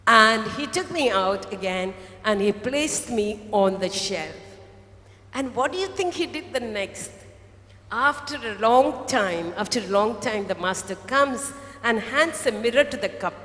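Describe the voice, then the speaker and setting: A woman preaching a sermon to a congregation, telling a story slowly and acting out the voices of a potter and a clay cup. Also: fairly high pitch, expressive, fairly bright tone. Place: large hall. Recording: echoey hall, voice from off-mic.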